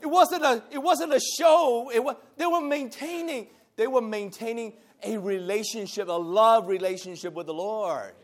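A man from Taiwan, teaching a lively church lesson, talking back and forth with the class and laughing often. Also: extremely high pitch, normal speed, few pauses.

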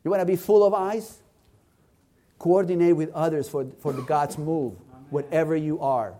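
Earnest male preacher, slightly high voice. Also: fairly even intonation, moderate pace, mellow. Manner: earnest, emphatic, repeats phrases in rising cadence. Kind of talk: sermon.

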